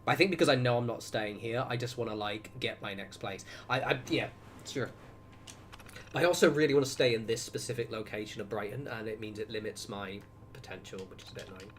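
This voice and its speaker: A man's voice: fairly low pitch, fairly quick, a bit bright, a little hiss or hum. Rambling man chatting on stream. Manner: rambling, self-interrupting, chatty asides to viewers. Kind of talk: casual gaming livestream chat.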